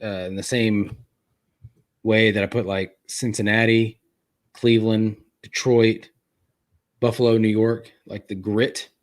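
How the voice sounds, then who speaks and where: A man with kids, a guest chatting casually on a live stream, talking in halting bursts with many restarts. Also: on the low side, little pitch movement. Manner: halting, lots of restarts and fillers. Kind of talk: casual chat. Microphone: live stream setup.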